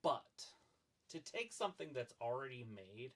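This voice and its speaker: A man's voice: mid-range voice, big pitch swings, moderate pace. A man co-hosts a live watch-along stream, tossing in short laid-back remarks. He sounds distant, picked up from away from the mic. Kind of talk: casual live-stream chat.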